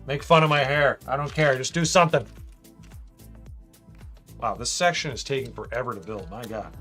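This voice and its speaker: A man's voice: mid-range voice, normal speed, a bit bright. A man chatting casually on a live stream while building a model, reading out viewer comments and tossing in "man" a lot. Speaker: livestream host building a brick model. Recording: faint music behind.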